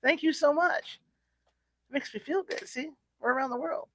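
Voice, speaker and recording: A woman hosting a live stream in a casual, excitable way, talking fast when she gets thrilled. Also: sits high, slight background noise. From half Mexican, half Hungarian heritage. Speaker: show host.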